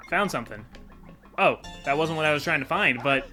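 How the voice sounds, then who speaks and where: A man's voice: a little high, animated, brisk, pushed and bright, faint music behind. A man giving rambling, casual commentary while playing a video game, chatty and self-deprecating. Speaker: video game let's-play host.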